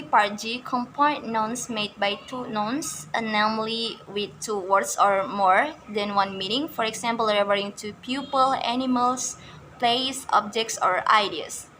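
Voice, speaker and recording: A woman who learned as a works slowly through lists of words for a pronunciation lesson. She often stops to restart words, in a bright, crisp voice. A faint noise hangs behind her. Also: mid-range voice, low-quality recording. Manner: halting, many restarts and fillers.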